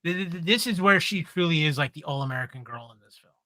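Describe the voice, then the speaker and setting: Guy co-host, sharp bright voice, stammers a lot, hesitant, casual movie chat. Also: on the high side, expressive, fast talker, no room sound. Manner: hesitant, stammering, searching for words. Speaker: podcast co-host.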